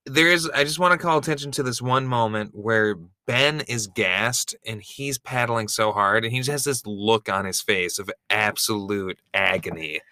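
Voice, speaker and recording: Bright-voiced joking man co-host. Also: lowish voice, moderate pace, few pauses, dry recording. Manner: animated, joking, swears freely. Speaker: podcast co-host. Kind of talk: casual chat recapping a TV show.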